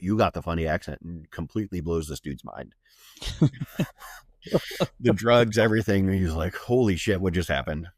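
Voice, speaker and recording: Low-voiced guy from ohio telling medic war stories, blunt and sweary, dry close mic. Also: dry recording. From Ohio, USA. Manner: blunt, profane, matter-of-fact war stories. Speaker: guest, flight medic. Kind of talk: casual storytelling in a podcast interview.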